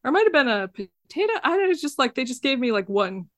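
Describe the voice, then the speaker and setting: A woman co-hosting a podcast, making quick, playful deadpan jokes in casual chat. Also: sits high, no room sound. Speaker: podcast co-host.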